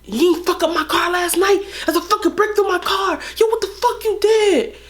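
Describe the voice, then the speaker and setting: A woman voicing her crude young male ex-boyfriend, swearing and accusing, pitched well above her own speaking voice. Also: normal speed. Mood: angry.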